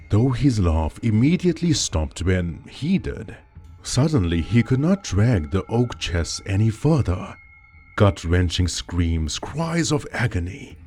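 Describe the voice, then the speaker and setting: A man narrating a dark horror story in a slow, dramatic storytelling style. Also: deep voice. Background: faint background music.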